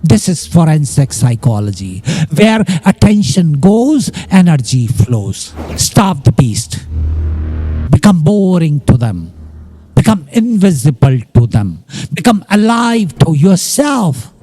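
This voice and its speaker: Guy narrating psych stuff, high-ish voice that jumps around a lot, short punchy lines. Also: very animated, slow pace, mellow. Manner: emphatic, short declarative sentences. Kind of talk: scripted narration.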